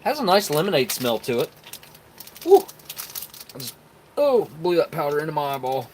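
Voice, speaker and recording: A man's voice: on the high side, very animated, quick pace, slight background noise. Folksy man chatting on a live stream. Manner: chatty, folksy, talks to viewers while tasting. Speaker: live stream host reviewing military rations. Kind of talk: casual live-stream chat.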